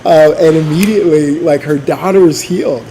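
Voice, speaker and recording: A man's voice: a little high, a little fast, warm tone, slight background noise, low-quality recording. A man giving an informal sermon at church, speaking casually with many fillers, restarts and asides. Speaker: church leader.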